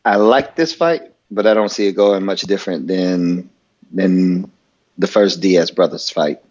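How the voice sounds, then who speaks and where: Low-voiced man on a dull lo-fi mic. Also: a little slow, a little mellow. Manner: earnest, repeats words while building a point. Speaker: podcast co-host. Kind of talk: casual sports chat. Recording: dull lo-fi sound.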